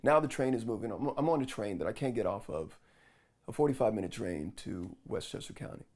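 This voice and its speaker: A New York man with a fairly low voice talks a little fast in his vlog. He's casually recounting an annoying situation, animated throughout and quoting much of the back-and-forth.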